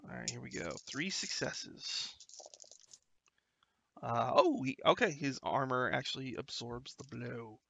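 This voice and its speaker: A man's voice: mid-range voice, expressive, measured pace, gravelly, pushed and bright, dry recording. A man running a tabletop game as game master over an online voice call, talking casually with many fillers.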